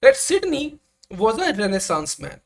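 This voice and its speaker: Lively woman lecturing on poetry. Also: on the high side, unhurried, creaky. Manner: animated teaching, frequent "right?" checks. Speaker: exam-prep lecturer. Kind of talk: live online lecture.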